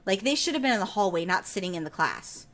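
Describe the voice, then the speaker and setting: A woman in her thirties hosts a podcast, chatting casually as she tells a profane story and laughs her way through it. Her voice sits at a medium pitch with big swings, moves quickly, and has a fairly bright tone.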